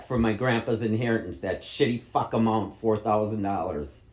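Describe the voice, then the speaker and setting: In an echoey room, a middle-aged man from Wisconsin angrily questions his mother, repeating himself and swearing a lot during a heated family argument. He speaks at a moderate pace in a voice on the low side. He is a vlogger confronting her.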